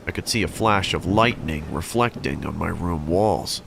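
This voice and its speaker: A man reads a scripted horror story in an even, measured delivery. His voice sits very low with a gravelly edge, and steady noise runs underneath. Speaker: story narrator.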